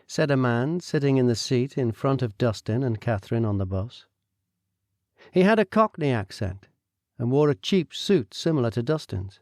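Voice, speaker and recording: A man narrating a comic audiobook story in a wry, measured way. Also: mid-range voice, expressive, no room sound, clean studio sound.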